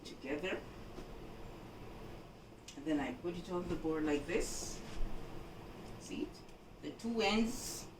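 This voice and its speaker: Slow-talking woman, echoey room. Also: fairly low pitch, expressive. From Jamaica. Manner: unhurried and instructive, often checking in with the viewer. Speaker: housekeeping vlogger. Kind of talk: home laundry-folding demonstration. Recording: echoey room, voice from a distance, background noise.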